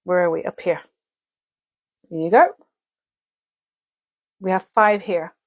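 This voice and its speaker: A woman teaching a relaxed lesson on pronunciation symbols, working through each point step by step. She sounds out example words slowly and often checks in with the listener. Her talk is loose and unscripted, with small slips and quick self-corrections. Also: lowish voice. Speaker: English teacher. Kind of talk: casual video lesson.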